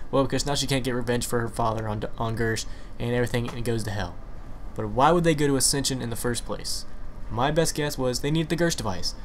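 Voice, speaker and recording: Fast-talking young man explaining game lore. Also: mid-range voice, a little hiss or hum. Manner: rambling, hedging, with frequent "pretty much" fillers. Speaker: video game lore commentator. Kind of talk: casual commentary on game lore.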